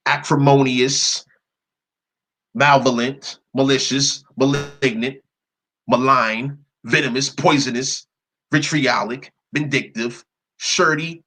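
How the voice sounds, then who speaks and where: A man with a husky, slightly breathy voice talks through what is on his screen. He reads long strings of words aloud one after another, in a blunt and cursing manner. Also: mid-range voice, bright, forceful tone, poor audio. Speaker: presenter. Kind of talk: screen-share commentary.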